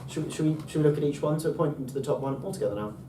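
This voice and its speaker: A man's voice: on the high side, rapid-fire, dark tone. Guy tutoring greek letters, lots of ums, kinda far off in an echoey room. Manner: patient, hesitant, many ums and restarts. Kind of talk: relaxed one-to-one teaching. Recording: roomy, far from mic, faint noise.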